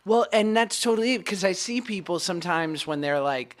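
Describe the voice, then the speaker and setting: Chatty podcast host with a higher voice. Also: male voice, animated. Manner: quick, chatty, quick to agree. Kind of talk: casual chat.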